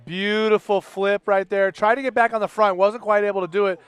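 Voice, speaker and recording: A man calling a live sports contest play-by-play, in an energetic, exclamatory way. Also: sits high, fairly quick, clear, resonant tone, no room sound. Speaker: contest commentator.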